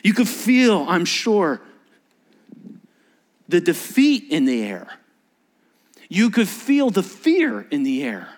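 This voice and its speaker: Animated male pastor preaching. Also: sits high, slow pace, long pauses. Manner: animated, acts out quotes in changing voices. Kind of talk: sermon.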